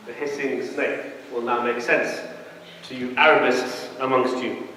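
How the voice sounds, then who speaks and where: A man, an imam, giving a lively public talk and speaking straight to his live audience. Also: mid-range voice, a little slow, slight background noise. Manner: animated, addresses the audience directly. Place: large hall. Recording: echoey hall, mic from far off.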